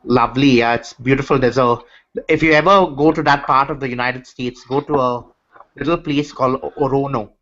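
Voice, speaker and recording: A man from Nova Scotia with a Canadian accent, chatting casually in a live hangout, halting often with ums and repeated words. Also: medium pitch, steady tone, fairly bright tone. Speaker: hangout participant. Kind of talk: casual chat. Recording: dull lo-fi online call audio.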